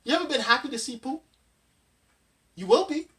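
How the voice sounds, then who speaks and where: With an extremely high, fairly bright voice, this thirty-something vlogger talks animatedly at a moderate pace while giving dad advice. He rambles through a countdown list in a chatty way, full of fillers and restarts, and the mic picks him up from somewhat of a distance.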